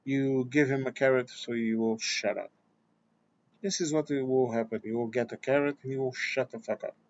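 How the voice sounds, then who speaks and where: A man's voice: mid-range voice, steady tone, normal speed, dull audio. A man delivering a blunt, exasperated opinion rant to his viewers, swearing and restarting his sentences. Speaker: vlogger.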